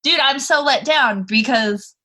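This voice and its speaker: Bright-voiced swearing woman podcaster. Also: sits high, unhurried. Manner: profane, animated, laughs often. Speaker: podcast co-host. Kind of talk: casual comedic movie review chat.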